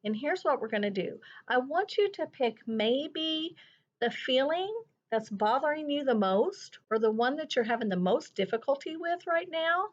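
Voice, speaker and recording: A woman teacher gently talking children through a lesson on feelings, thinking aloud with soft hums as she colors a drawing. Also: high-pitched, expressive, moderate pace. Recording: slightly dull lo-fi sound.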